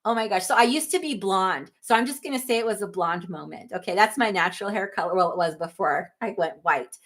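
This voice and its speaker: A woman's voice: mid-range voice, brisk, fairly bright tone. A middle-aged woman hosting a livestream, chatting casually, reading viewer comments, rambling and laughing often. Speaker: livestream host.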